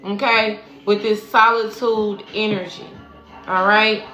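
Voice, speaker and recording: A woman's voice: mid-range voice, flat delivery, slow pace, bright, forceful tone. A woman spiritual coach giving a casual, profane livestream tarot reading, preaching and calling her listeners baby. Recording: echoey room with faint music.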